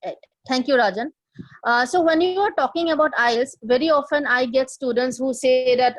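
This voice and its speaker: A woman runs a live online test-prep lesson in a high voice. She explains carefully with many fillers and restarts, and asks her audience to answer in the chat. The sound is dry and close. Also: brisk, dry recording, rough recording. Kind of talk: live webinar presentation.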